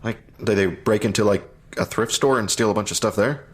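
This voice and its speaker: A man co-hosting a casual comedy podcast, cracking jokes and quick asides between laughs. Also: on the low side, husky. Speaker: podcast co-host.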